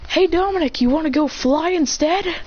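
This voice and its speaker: A woman voicing a cheerful winged boy ninja who talks in excited, playful bursts, in a dull lo-fi recording with faint noise. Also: on the high side, normal speed, natural voice.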